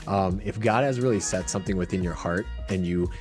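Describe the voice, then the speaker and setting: A young man with a fairly low voice hosts a faith-based podcast, speaking earnestly and encouragingly. Soft music plays faintly underneath. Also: a little fast. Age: young adult. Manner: earnest, encouraging, preacher-like intro. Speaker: podcast host.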